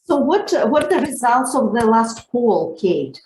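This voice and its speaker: Female webinar co-host, bright higher register; echoey room mic with audible background noise. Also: big pitch swings, a little slow. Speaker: webinar co-host reading poll results. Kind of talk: webinar commentary.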